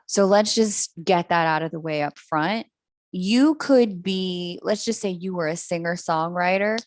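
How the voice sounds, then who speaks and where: A woman's voice: on the low side, measured pace, no room sound. A woman giving a live-streamed astrology reading, candid and self-mocking, who laughs often and swears casually. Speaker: astrology reader.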